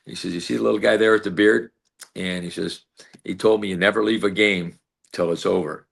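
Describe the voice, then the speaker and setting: A man's voice: sits low, steady tone, a little fast, gravelly. A man in his sixties, a former player and team broadcaster, telling stories in an interview with many fillers and acted-out quotes. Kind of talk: storytelling in an interview.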